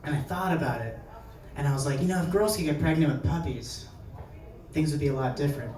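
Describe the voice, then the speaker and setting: A young New Jersey man does stand-up at a live show, his voice on the high side, quick and slightly mellow. He tells stories in a chatty, conversational style and acts out the people he quotes. The mic sits far away in an echoey venue.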